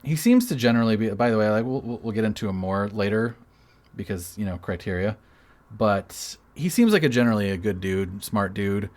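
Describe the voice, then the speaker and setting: Low-voiced man explaining with jokes. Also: expressive, fairly quick, darkish tone. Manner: explanatory, joking, reads quotes aloud. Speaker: podcast co-host. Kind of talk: casual chat.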